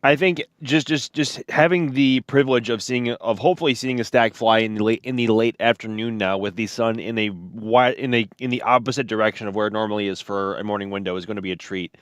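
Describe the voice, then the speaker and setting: A man's voice: lowish voice, steady tone, fairly quick, hardly any pauses, no room sound. Dry-sounding enthusiastic male co-host. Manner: enthusiastic, stumbling restarts. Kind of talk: casual livestream commentary.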